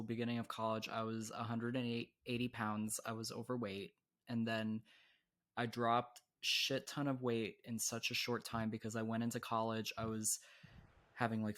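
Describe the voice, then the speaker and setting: A young man hosting a podcast, talking casually and opening up about personal struggles in a halting way, with many restarts. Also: mid-range voice, a bit bright. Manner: hesitant, halting with restarts when speaking personally. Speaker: podcast host. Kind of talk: casual conversation.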